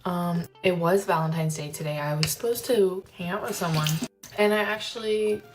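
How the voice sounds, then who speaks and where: A woman's voice: on the low side, fairly even intonation, moderate pace. A young woman recording herself late at night, candid and tired, talking casually with some swearing. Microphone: self-recorded on phone. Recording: distant mic over clear music.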